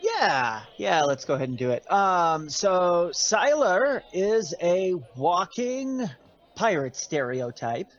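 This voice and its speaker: A man describing his tabletop character in a casual, slow way. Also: high-pitched, big pitch swings, highs cut off. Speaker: player.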